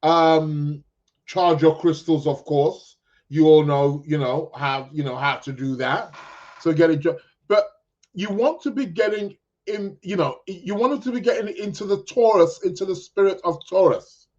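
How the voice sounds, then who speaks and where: Male podcast host, slow and meandering, fairly high voice, lo-fi sound. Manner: slow, rambling, many ums and restarts; chuckling, addresses listeners as "people". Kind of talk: casual live astrology chat.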